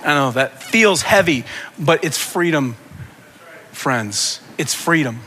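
A man's voice: a little high, animated, slow, pushed and bright, a little hiss or hum. A man preaching a sermon as pastor, with impassioned, repetitive preaching that builds in intensity. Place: church sanctuary. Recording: long reverb of a church hall.

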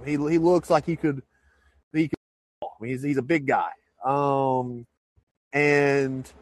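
A man's voice: a little high, no echo. A man co-hosting a podcast, chatting casually and jokingly, often restarting and repeating words. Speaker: podcast co-host. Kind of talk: casual chat.

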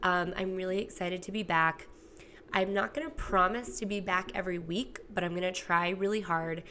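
A woman's voice: fairly low pitch, fairly even intonation, moderate pace, pushed and bright, slight background noise. A woman in her thirties hosting her own podcast from home, talking candidly and casually, swearing freely and acting out quotes. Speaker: podcast host. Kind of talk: casual solo podcast monologue. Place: home, recorded alone.

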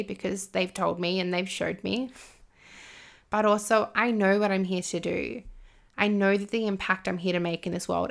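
A woman speaking earnestly and emotionally to her listeners, swearing freely and pausing often as a spiritual coach. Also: lowish voice, gravelly, fairly bright tone. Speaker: spiritual coach and business owner. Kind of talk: heartfelt personal monologue.

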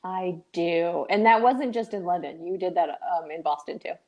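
A woman from Tennessee with a light Southern accent co-hosts a podcast, her fairly low, slightly mellow voice moving at a moderate pace. She's chatty and casual, leaning heavily on fillers like "like" and "um."

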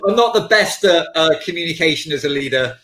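A man's voice: fairly high pitch, expressive, fast talker, a bit bright. A man hosting a casual video call, joking and stumbling over restarts. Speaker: host.

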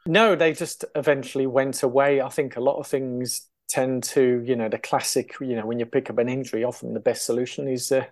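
A man's voice: mid-range voice, fairly even intonation, fairly quick, hardly any pauses. A man in his sixties from England, guest in an interview, telling his story in a chatty way with frequent fillers, restarts and laughs. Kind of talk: casual interview chat.

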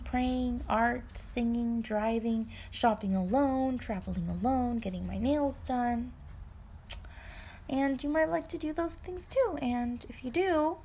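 A young woman talking softly and from the heart in a personal vlog, with light laughs and quiet whispered asides. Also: high-pitched, a little hiss or hum. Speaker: vlogger. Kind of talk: personal talk to camera.

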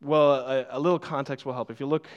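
The recording is muffled; he speaks at medium pitch with a steady tone and quick pace. Preaching in church, the young man playfully laughs at himself while telling a childhood anecdote, then turns to scripture.

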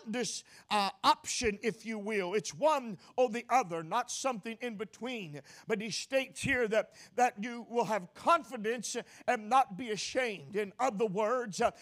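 High-voiced male preacher, emphatic. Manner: frequent "uh" fillers and self-corrections; emphatic repetition, rising to forceful declarations. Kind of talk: expository sermon.

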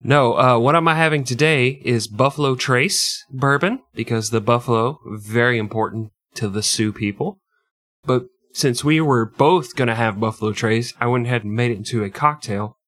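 A man's voice: medium pitch, moderate pace, a bit bright, no room sound. A man in his thirties co-hosting a comedy history podcast, joking and laughing often. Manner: laughs often, plugs the show. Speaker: podcast co-host. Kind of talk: casual comedy chat.

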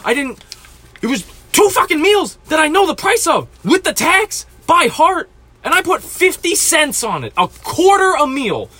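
A man's voice: extremely high pitch, sing-song, measured pace, pushed and bright. A man in his twenties from New Jersey, telling an angry, profane story about a rude customer, ranting at length. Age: 20s. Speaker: podcast host.

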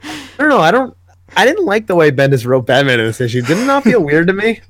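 A man co-hosting a podcast, chatting casually about the week's comics and retelling scenes with quick character voices. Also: a little high, huge pitch swings, fairly bright tone, no room sound, clean studio sound. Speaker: podcast co-host. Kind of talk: casual comic book review chat.

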